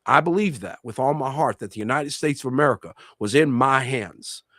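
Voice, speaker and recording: A man's voice: medium pitch, brisk, fairly bright tone, no echo. A middle-aged man from Puerto Rico sharing a personal testimony in a religious discussion, speaking with passion and repeating his key phrases for emphasis. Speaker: co-host and minister.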